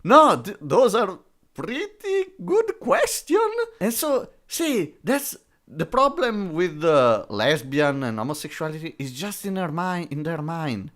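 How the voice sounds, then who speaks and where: A man's voice: fairly high pitch, very animated, takes it slowly, fairly bright tone. A man giving mocking, dismissive commentary on a comic, full of fillers and restarts. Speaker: comic reviewer. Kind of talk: sarcastic commentary.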